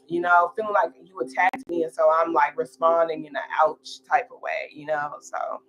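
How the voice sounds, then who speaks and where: A woman's voice: on the low side, fairly bright tone, rough recording. A young woman talking casually on a tarot livestream, chatty and slangy with lots of fillers.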